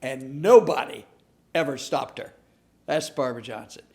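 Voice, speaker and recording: A man hosting a class on humor, telling comic stories in a chatty, animated way with lots of asides. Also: mid-range voice, moderate pace, gravelly. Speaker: humor speaker and class host. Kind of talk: comic storytelling lesson.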